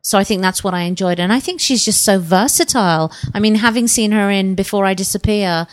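A woman's voice: mid-range voice, fairly quick. Enthusiastic woman podcast co-host. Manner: enthusiastic, emotive. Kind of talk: casual film review chat.

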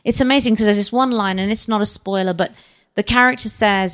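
A woman's voice: medium pitch, steady tone, a little fast, a bit bright. Enthusiastic woman podcast co-host. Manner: enthusiastic, emotive. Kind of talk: casual film review chat.

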